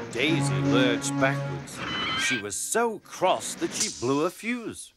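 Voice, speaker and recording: A man narrating a children's storybook in an expressive, gentle way. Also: medium pitch, slow. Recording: background music.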